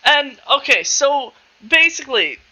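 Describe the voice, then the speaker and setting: High-voiced young Canadian man rambling. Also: big pitch swings, a little slow, sharp tone. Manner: rambling, laughs often, swears freely. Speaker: podcast host. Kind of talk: casual storytelling. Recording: slightly muffled recording.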